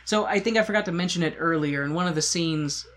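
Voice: mid-range voice, quick pace, a bit bright. A podcast co-host recapping a musical in casual chat, joking, swearing and rambling. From United States. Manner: joking, profane, rambling storytelling.

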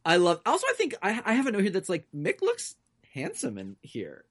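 A podcast co-host chatting casually, animated, cursing freely and laughing often. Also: mid-range voice, brisk, slightly rough. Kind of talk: casual chat.

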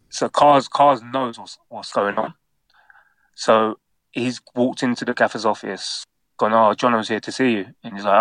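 Man telling a lively football anecdote. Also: lowish voice, no room sound. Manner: animated storyteller, acts out quotes. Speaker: guest, former footballer.

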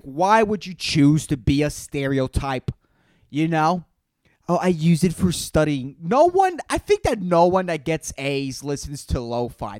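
A man's voice: fairly high pitch, no echo. Tipsy, rambling man hosting a podcast. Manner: profane, slangy, jumps between topics, says "dude" constantly. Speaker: podcast host. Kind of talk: rambling solo podcast monologue. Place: in front of a green screen.

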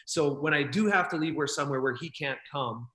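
A man's voice: a little high, brisk. A man hosting a casual interview podcast, earnest and encouraging as he talks openly about feelings. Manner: warm-hearted, encouraging, earnest. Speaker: podcast host.

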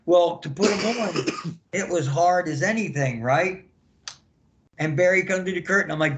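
An older man, a former wrestler, telling lively backstage stories in a casual interview and acting out the quotes. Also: sits high, normal speed. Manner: animated storyteller acting out quotes.

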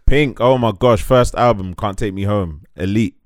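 Low-voiced laid-back man. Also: normal speed, dry recording, studio quality. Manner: laid-back, laughing along, slangy. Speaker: podcast co-host. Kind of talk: casual podcast chat.

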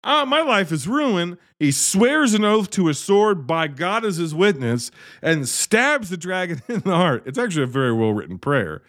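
A man rants through a movie plot with sarcastic, exasperated humor and constant swearing. His voice sits a little high and swings widely in pitch as he builds to mock outrage. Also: sing-song, moderate pace, a bit bright. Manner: sarcastic, exasperated, swears freely, acts out characters' lines. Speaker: movie reviewer. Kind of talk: profane comedic movie recap.

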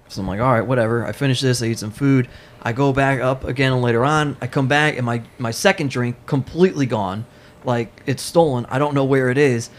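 A man hosting a podcast, telling a long funny story in a lively way and laughing as he goes. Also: medium pitch. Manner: animated, laughing while telling stories. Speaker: podcast host. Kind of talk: casual storytelling.

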